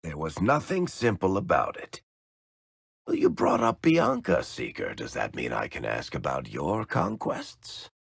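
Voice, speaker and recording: A wry middle-aged dwarf storyteller, needling his companions with sarcastic banter. His voice sits extremely low, gravelly and husky, and he takes his time over the lines. Bone-dry game dialogue recording. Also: huge pitch swings, a little slow, no room sound, heavily acted. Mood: teasing.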